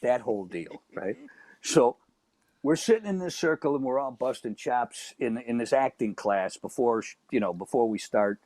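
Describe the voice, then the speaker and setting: A middle-aged man with a Chicago accent, a stand-up comedian telling a lively anecdote as a guest. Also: mid-range voice, normal speed, dry recording. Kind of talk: storytelling in casual chat.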